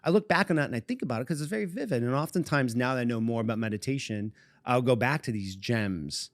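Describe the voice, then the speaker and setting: Speaking fast in a mid-range voice, this forties-age podcast co-host from Boston rambles through a long personal tale, laughing frequently. There's no room sound in the recording.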